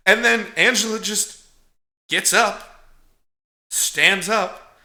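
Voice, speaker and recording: Bright-voiced man in an echoey room. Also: sits high, extremely slow, long pauses. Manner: animated, profane, laughing storyteller. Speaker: podcast co-host. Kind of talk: casual movie recap.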